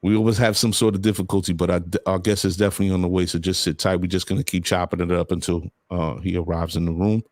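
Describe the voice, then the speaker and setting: A podcast host with a low-sitting voice talks fast with few pauses, captured in a dry, clean studio recording. He chats casually but bluntly and animatedly, telling stories laced with profanity.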